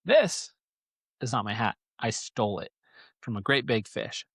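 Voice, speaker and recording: A man's voice: medium pitch, big pitch swings, a little slow, a bit bright, slightly rough, no echo, studio quality, heavily acted. A man voicing a small, sneaky fish from a picture book who boasts to himself about a stolen hat. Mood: smug. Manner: smug, self-assured muttering. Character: sneaky little fish, smug thief.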